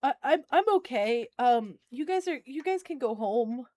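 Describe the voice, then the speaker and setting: A woman's voice: high-pitched, animated, moderate pace, darkish tone, dry recording. A woman voicing a frightened small boy in a tabletop game, who stammers and repeats his words.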